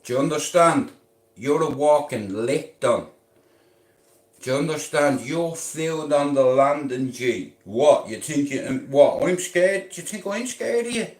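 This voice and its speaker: Slow, intense Irish man in echoey room. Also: on the high side, lively intonation. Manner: intense, swaggering, profane, repeats questions. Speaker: livestreamer. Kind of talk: rambling live-stream monologue. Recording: roomy echo.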